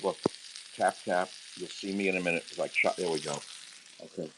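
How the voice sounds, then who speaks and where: A man's voice: deep voice, steady tone, normal speed, very noisy. A man talking casually while cooking on a livestream from his home kitchen. He speaks into a handheld phone and slides into crude, heated rants. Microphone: handheld phone camera. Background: sizzling frying pan.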